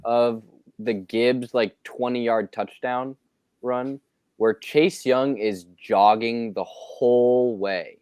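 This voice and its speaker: Slow-talking man in a dry, close sound. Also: mid-range voice, steady tone, a little mellow, clear, resonant tone, no echo. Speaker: sports stream panelist. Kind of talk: casual live stream chat.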